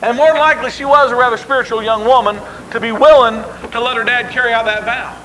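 A man's voice: very high-pitched, fairly even intonation, fast talker, sharp tone, a little hiss or hum, low-quality recording. A man preaching a sermon in an emphatic, conversational way, acting out the quotes he tells.

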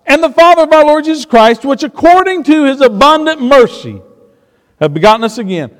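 A man preaching a sermon, shifting between quiet storytelling and emphatic points. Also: extremely high pitch, expressive, brisk. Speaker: pastor. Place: church sanctuary. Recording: long reverb of a church hall.

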